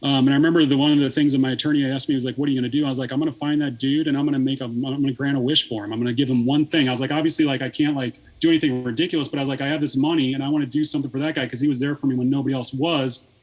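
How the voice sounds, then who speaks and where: A man's voice: medium pitch, steady tone, racing, few pauses. A man in his thirties, a podcast guest, telling a long story in casual, rambling talk full of swearing and fillers.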